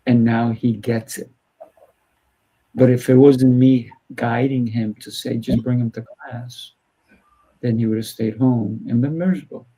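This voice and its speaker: A martial arts teacher hosting a casual interview talks a little slowly in a steady, warm, medium-pitched voice with a breathy edge. His manner is firm and coaching, and he acts out little conversations with kids. The recording is rough.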